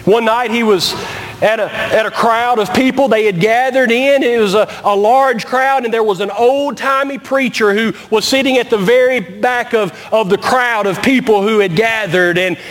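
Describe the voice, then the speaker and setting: A male pastor preaching a sermon in a church, with repetitive, emphatic phrasing and drawn-out words. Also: very high-pitched, fairly bright tone. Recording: long reverb of a large hall.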